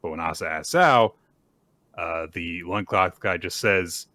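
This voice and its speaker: A man co-hosting a casual podcast, retelling a story with lively acted-out quotes. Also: deep voice, a little slow, dry recording, clean studio sound. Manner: animated storyteller, acts out quotes in bursts. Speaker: podcast co-host. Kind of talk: casual chat recapping manga.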